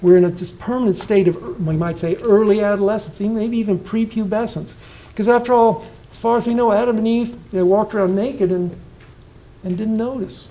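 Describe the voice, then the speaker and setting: A man's voice: high-pitched, steady tone, fairly quick, dark tone, low-quality recording. A man in his sixties, a retiring professor giving an informal poetry lecture at an indoor reception, often asking his listeners questions and restarting his sentences.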